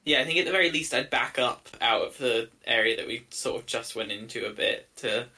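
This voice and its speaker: A man's voice: mid-range voice, a little fast, sharp tone. A man playing a tabletop game, asking curious questions and tripping over his words. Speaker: player.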